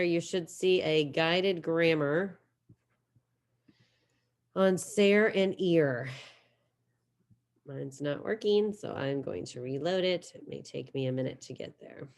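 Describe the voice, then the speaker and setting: A woman teaching a Spanish class over a video call. She sometimes drills verb forms slowly and clearly, then talks quickly. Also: on the low side. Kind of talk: online class lecture with screen share. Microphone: computer mic on video call.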